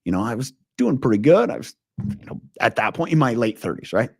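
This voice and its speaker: A man's voice: medium pitch, sing-song, brisk, gravelly, a little mellow, breathy edge, no echo, studio quality. A man in his forties, a leadership coach, talking earnestly and intensely in a casual interview, telling stories with frequent restarts.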